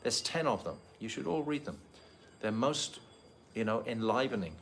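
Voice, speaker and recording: A man's voice: mid-range voice, lively intonation, normal speed, a bit bright, slight background noise. A man giving a devotional scripture class to a live group, explaining terms with frequent fillers and asking his listeners questions. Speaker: spiritual teacher. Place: holy site, live talk to a group.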